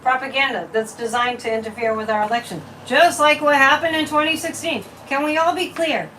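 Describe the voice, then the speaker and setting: A woman hosting a psychic livestream, reading viewer comments and pulling tarot cards in an opinionated, casual chat with lively swings in pitch and loudness. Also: brisk. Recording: distant mic with faint room noise.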